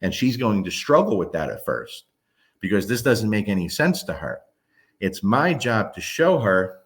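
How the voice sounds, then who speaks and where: A man's voice: fairly low pitch, big pitch swings, moderate pace. A man, a dog trainer, talking casually to camera, emphatic and blunt, often asking the listener whether they understand. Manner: emphatic, keeps checking in with the listener.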